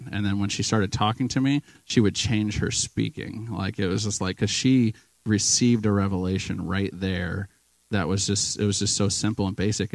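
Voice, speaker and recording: A man's voice: on the low side, creaky, a little mellow, no echo, rough recording. A man giving a casual, emotional sermon in a church, telling a story with lots of restarts and fillers. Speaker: guest preacher.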